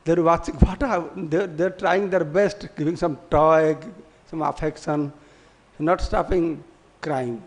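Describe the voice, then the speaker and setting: Monk with a high voice, lively devotional storyteller for a class talk. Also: male voice, unhurried. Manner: storytelling, acting out quoted voices, often laughing. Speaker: monk giving a scripture class.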